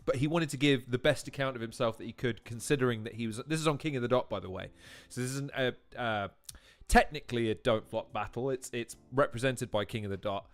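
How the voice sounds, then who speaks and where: A man's voice: mid-range voice, fast, few pauses. A man hosting a watch-along, commenting casually on a video with frequent laughter and rambling asides. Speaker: host.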